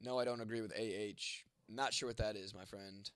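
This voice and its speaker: A man's voice: on the low side, fairly even intonation, normal speed, clear, resonant tone, dry recording, clean studio sound. Congested, profane young man. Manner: profane, blunt, joking with viewers. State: congested, voice going, coughing. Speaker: livestream host reading chat. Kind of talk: casual livestream chat.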